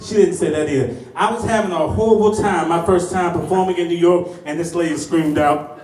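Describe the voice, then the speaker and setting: A man works a comedy club crowd with profane stories and fast punchlines. His voice sits high for a man and bounces around the room. It sounds a little far from the mic, with a loud audience laughing behind him. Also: fairly even intonation, echoey room. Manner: profane, storytelling, acts out voices. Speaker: stand-up comedian. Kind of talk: stand-up comedy set.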